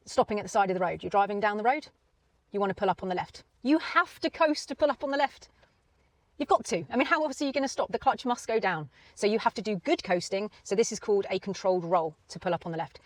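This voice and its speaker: A woman teaching driving in a lively, talkative way. She keeps checking that her listener is following along, and her voice sits at an ordinary middle pitch. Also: no room sound, poor audio. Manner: chatty, animated, lots of tag questions like "right?" and "yeah?". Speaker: driving instructor. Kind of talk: explanatory teaching talk.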